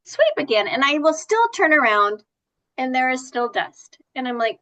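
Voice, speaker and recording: A woman co-hosting a motivational podcast, chatting and telling everyday stories in an animated way. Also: sits high, moderate pace, dull audio. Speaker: podcast co-host. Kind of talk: casual chat.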